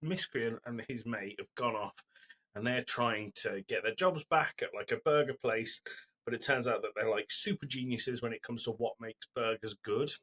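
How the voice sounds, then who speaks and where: A man's voice: medium pitch, moderate pace, a bit bright. A man co-hosting a podcast, retelling a show in a rambling, casual way with lots of fillers. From Britain. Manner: rambling storytelling recap with fillers. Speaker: podcast co-host. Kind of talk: casual chat.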